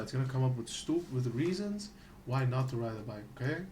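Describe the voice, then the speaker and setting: A man talking through an idea in a loose, rambling way, swearing freely and repeating himself as he checks in with his listener. His voice sits at a middling pitch, with a faint hiss of noise behind it. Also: lively intonation, brisk, a little mellow. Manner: profane, repetitive, checks in with "okay?". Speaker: gaming streamer. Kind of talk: casual explanatory rant.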